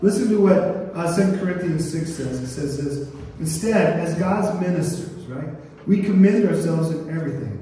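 A man preaching to his congregation, heard from a distance in a large, echoing church hall. His voice sits fairly high for a man. He drives his points home with call-and-response, getting the room to repeat phrases after him. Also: expressive, normal speed, mellow, a little hiss or hum. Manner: sings a line playfully. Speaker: pastor. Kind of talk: sermon. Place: church sanctuary. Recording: echoey hall from far off.

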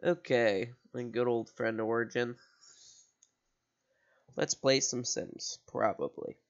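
A man's voice: mid-range voice, fairly even intonation, takes it slowly, creaky, highs cut off. A man streaming games at home, rambling and repeating words as he thinks aloud over faint music. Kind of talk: casual gameplay commentary.

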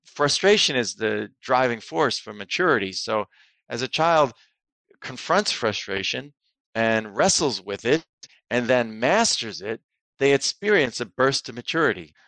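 Gravelly-voiced man telling stories. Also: mid-range voice, measured pace, no room sound. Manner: animated storyteller, acts out quoted people. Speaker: psychotherapist and author, guest. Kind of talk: casual interview talk, storytelling.

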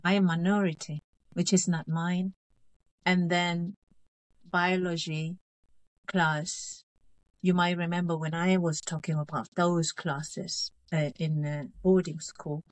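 Earnest low-voiced woman in her fifties. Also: flat delivery, no echo, rough recording. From North Korea. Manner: halting and earnest, repeats phrases, checks she is understood. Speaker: author guest. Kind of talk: interview conversation.

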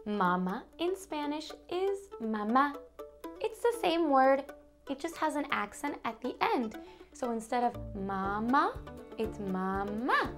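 A woman teaching toddlers simple words, slow and sing-song, with playful sounds. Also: high-pitched, sing-song, faint music behind. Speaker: children's Spanish teacher.

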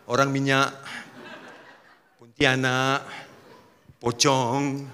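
A man preaching a sermon with energy, now and then rising to a shout. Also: mid-range voice, little pitch movement, very slow, in a large hall, a little hiss or hum. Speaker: pastor.

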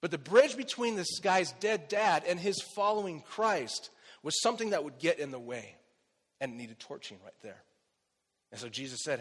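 Man, pastor preaching, conversational sermon, slightly high voice, long church-hall reverb. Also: animated, normal speed, breathy edge. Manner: conversational, rhetorical questions, frequent "okay?" and "right?".

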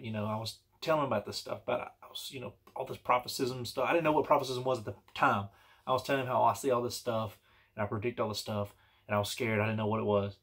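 With a breathy edge to his mid-range voice, a vlogger relates a personal story in an earnest, easygoing, rambling style, stopping to restart and leaning on fillers throughout.

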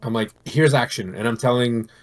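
A middle-aged man on a podcast, talking casually in a rambling, animated way about a show and games he loves. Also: medium pitch, moderate pace. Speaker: podcast co-host. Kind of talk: casual chat.

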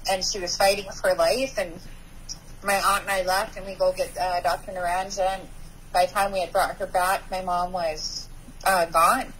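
A woman guest on a recovery podcast, telling her personal story in a halting way, with many pauses and restarts. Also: on the low side, level tone, fairly bright tone, slight background noise, low-quality recording.

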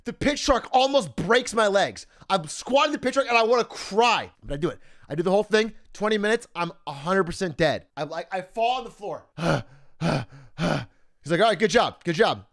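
A young male streamer with a high voice tells a rambling personal story. His delivery is animated and profane, with frequent laughter and wide swings in pitch. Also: brisk, hardly any pauses. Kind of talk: casual storytelling.

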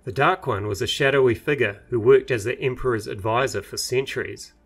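A man reading his own fantasy novel aloud in measured, even audiobook narration. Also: mid-range voice, breathy edge, soft background music.

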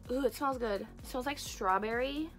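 A young woman hosting a casual unboxing vlog, gushing and excitable, gasping over each cute item. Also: a little high, takes it slowly, soft background music. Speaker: craft and squishy channel host.

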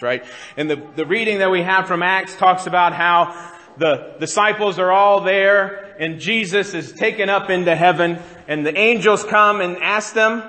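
Bright-voiced male pastor in reverberant church. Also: a little high. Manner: conversational, asks the congregation questions. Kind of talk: sermon. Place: church sanctuary.

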